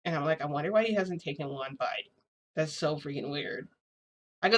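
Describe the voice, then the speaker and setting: A woman's voice: low-pitched, brisk. A young woman vlogger rambling casually through a personal story, full of filler words. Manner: chatty, rambling, frequent "like" fillers. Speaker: shifting vlogger.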